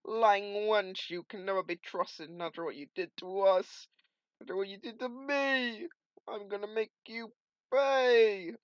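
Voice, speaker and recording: Brief: snarling vengeful comic-book villain, pitched up high, a man putting it on, dry lo-fi sound. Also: steady tone, measured pace, clean tone, no echo. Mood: furious. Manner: snarling, accusing. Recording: dull lo-fi dry recording.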